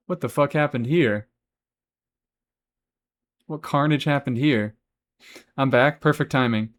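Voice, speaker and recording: A man's voice: medium pitch, a little slow. A man live-streaming a game, chatting casually and answering chat, swearing freely as he talks. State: has hiccups.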